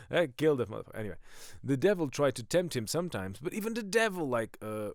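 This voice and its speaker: A man's voice: medium pitch, very animated, fast talker, dry recording. A man hosting a podcast in a rambling comic monologue that keeps drifting off on tangents. He jokes at his own expense, and his voice swings up and down a lot. The sound is dry and close, with no room around it. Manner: jokey, self-mocking, goes off on tangents. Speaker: podcast host and comedian.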